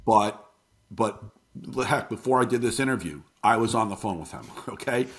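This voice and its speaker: A middle-aged man telling a painful personal story as an interview guest, halting and emotional. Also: lowish voice, lively intonation, a bit bright.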